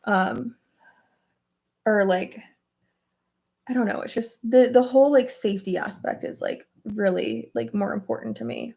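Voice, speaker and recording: A woman's voice: medium pitch, expressive, a little slow, gravelly, long pauses, a little mellow. Chatty young woman rambling over makeup. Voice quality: filler-heavy, frequent "like", swears casually. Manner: emotional, tearful at times, laughs often. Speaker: beauty vlogger. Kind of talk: casual chat while doing makeup.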